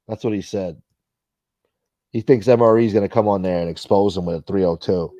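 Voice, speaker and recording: A man's voice: fairly low pitch, a little fast, mellow, no room sound, muffled recording. A man hosting a casual livestream, reading viewer comments in a blunt, profane, rambling way. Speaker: livestream host.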